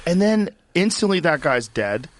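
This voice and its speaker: A man's voice: a little high, very animated, moderate pace, no room sound, clean studio sound. A man hosting a casual conversation, emphatic and piling up points. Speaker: host.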